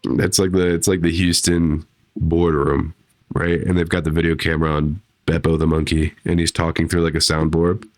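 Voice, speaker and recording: A man's voice: very deep voice, little pitch movement, moderate pace, darkish tone. A man co-hosting a podcast, chatting casually and acting out jokey bits in silly voices. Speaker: podcast co-host. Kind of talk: casual chat.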